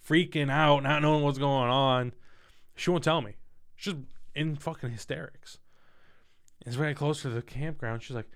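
A young man in his twenties telling a personal story in casual, profane, animated talk. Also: medium pitch, normal speed, gravelly, clean tone. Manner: candid, profane, animated retelling.

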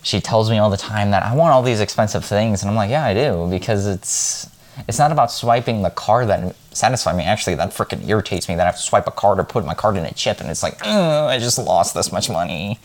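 A man's voice: fairly low pitch, fast talker. A man vlogging in a casual monologue, talking in a frank, rambling and heated way.

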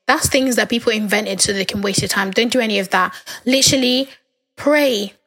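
A young adult woman hosting a podcast alone, talking in a candid, rambling, chatty way, her voice a little hoarse from talking so long. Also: mid-range voice, a little fast, a bit bright. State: losing her voice, a bit hoarse. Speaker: podcast host. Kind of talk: casual podcast monologue.

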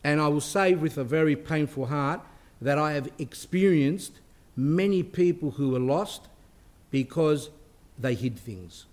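A man's voice: a little high, unhurried, darkish tone. A middle-aged man, a priest, giving a spiritual talk in a conversational way, with restarts and asides.

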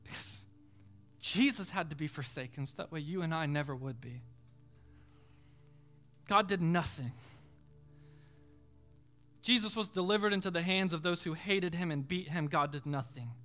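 Male pastor, fervent sermon delivery, high and bright. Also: moderate pace, long pauses, faint music behind. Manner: preaching with dramatic swells from hushed to shouting.

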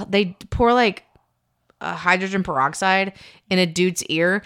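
A woman's voice: fairly low pitch, measured pace, fairly bright tone, clear, resonant tone. A woman podcast co-host chatting casually, telling stories animatedly with squeals and laughs. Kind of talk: casual chat.

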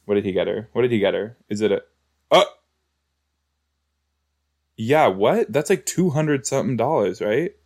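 A man's voice: fairly low pitch, animated, moderate pace, pauses often, darkish tone. A man giving casual, exclamatory commentary while reacting to a show, talking back to the screen. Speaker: reaction video host.

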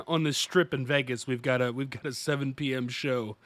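A man co-hosting a casual podcast, jokey and quick to laugh. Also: medium pitch, no echo. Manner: laughs often, animated and jokey. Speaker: podcast co-host. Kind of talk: casual chat.

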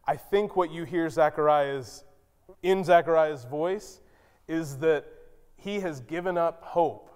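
A man preaching a sermon, unhurried and deliberate, with a smooth, resonant voice. His voice rings with a long reverb, as in a big church hall. When he quotes someone, he jumps to sudden high, loud outbursts. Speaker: pastor.

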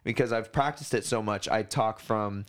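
A man's voice: lowish voice, moderate pace. A man co-hosting a casual podcast, rambling through explanations with lots of fillers and the odd swear word. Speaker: podcast co-host. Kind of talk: casual chat.

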